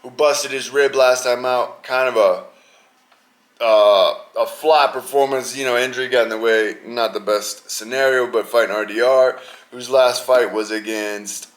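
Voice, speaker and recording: A young man hosting a podcast, talking casually and rambling in an animated, slangy way about an upcoming fight card. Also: mid-range voice, a little slow. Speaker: podcast host. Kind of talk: casual sports chat.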